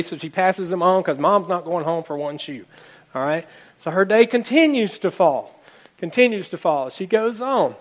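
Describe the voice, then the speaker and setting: A male pastor preaching a sermon, telling a story and acting out the characters' lines while speaking to his congregation. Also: high voice. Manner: animated, acts out characters' lines, addresses congregation.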